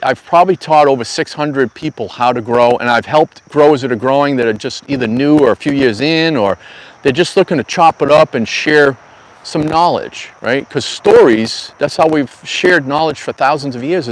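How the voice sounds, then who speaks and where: A man's voice: medium pitch, moderate pace, poor audio. A middle-aged man hosting a live stream from an outdoor garden studio, telling stories in a casual, folksy, slangy way. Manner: chatty storyteller, folksy, slangy asides. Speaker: cannabis grow channel host.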